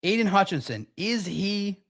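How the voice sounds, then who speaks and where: A man's voice: sits high, animated, a little slow, fairly bright tone. A man hosting a football talk show, chatting casually and joking as he gives his takes. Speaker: sports talk show host. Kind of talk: casual sports commentary.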